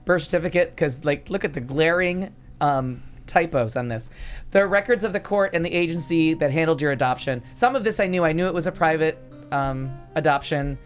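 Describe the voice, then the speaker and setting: A man's voice: fairly high pitch, a little fast, soft background music. A man in his forties from upstate New York, telling a story in casual chat with sarcastic, wry humor. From Niagara Falls, New York.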